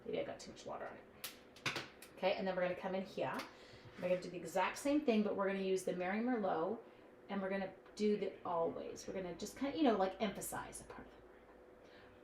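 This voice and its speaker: A woman's voice: medium pitch, quick pace, a little mellow. Brief: chatty, scattered woman demoing crafts live to her viewers, in a roomy room with a faint hum. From Canada. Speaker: live-stream crafting demonstrator. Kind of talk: casual live-stream craft demo.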